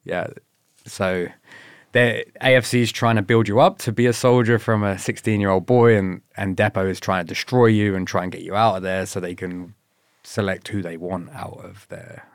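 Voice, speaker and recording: A man recounts his past in a relaxed interview, swearing freely and laughing as he acts out the people he quotes. His voice sits on the low side. The sound is dry and close to the mic. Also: normal speed, no echo. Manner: laughs often, swears, quotes others in retold dialogue. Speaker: guest. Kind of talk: casual interview storytelling.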